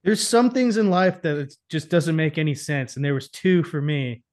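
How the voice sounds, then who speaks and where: Brief: young guy, slightly high voice, swears a lot, loose joking storyteller. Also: animated, moderate pace, a little mellow. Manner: profane, laughing, storytelling. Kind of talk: casual chat.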